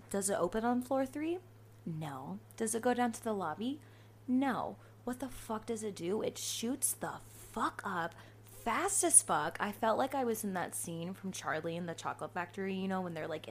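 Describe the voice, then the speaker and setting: A woman in her twenties hosting a podcast, telling stories in a casual, profane, animated way. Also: on the low side, a little hiss or hum. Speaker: podcast host. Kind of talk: casual storytelling monologue.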